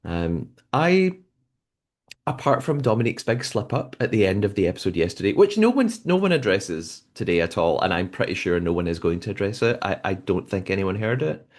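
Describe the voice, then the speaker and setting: A man hosting a podcast, recapping a show episode in a relaxed conversational way. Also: on the low side, fairly quick. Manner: conversational recapping with frequent fillers and restarts. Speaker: podcast host.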